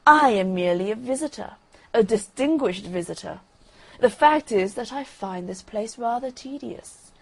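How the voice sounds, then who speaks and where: A conceited male firework rocket holds forth in a grand, self-admiring tone, as a woman puts him on. The voice is gravelly and husky, at a middle pitch. It is a storybook figure who talks down to everyone around him. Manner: pompous, self-admiring, loud declaiming. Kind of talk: bedtime story reading.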